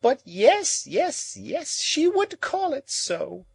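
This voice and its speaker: A man's voice: very high-pitched, wildly swooping pitch, slow, creaky, no echo, voice pushed up, full character voice. A man playing a shrieking, anguished old woman. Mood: frantic. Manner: moaning, wailing, overwrought.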